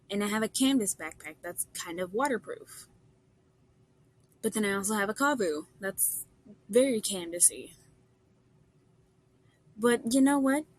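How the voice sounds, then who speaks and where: A young woman casually telling a rambling story, full of fillers and quoted dialogue. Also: mid-range voice.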